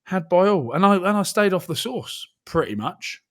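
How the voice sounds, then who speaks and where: A man co-hosting a casual sports podcast, telling stories in an animated way and laughing often. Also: high voice, moderate pace. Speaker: podcast co-host and rugby commentator.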